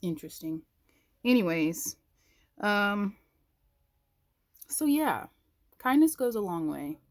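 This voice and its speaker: A woman telling a personal faith story to her viewers in a casual, animated way, acting out the quoted voices. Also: slow pace. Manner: animated, acts out quoted voices with big pitch jumps; talks to viewers directly, uses "y'all". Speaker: vlogger sharing a faith story.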